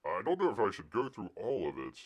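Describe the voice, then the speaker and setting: A man hosts a casual live news stream, reading articles aloud and breaking in with sarcastic jabs. His pitch leaps and drops often, and he keeps slipping into mocking voices for the people he talks about. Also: wildly swooping pitch, brisk, dull audio. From United States.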